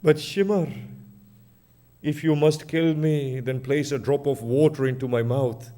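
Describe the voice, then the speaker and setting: Wounded dying man, voiced by a man, weak, pleading, slow, mellow. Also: mid-range voice, lightly acted.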